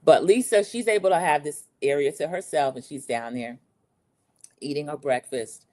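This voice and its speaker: A middle-aged Gen X woman, in her 40s to 50s, hosts a casual reality TV recap, chatty, opinionated, and eager to share her views. Her voice sits low and warm at a normal speed, and she acts out quotes in a raised voice.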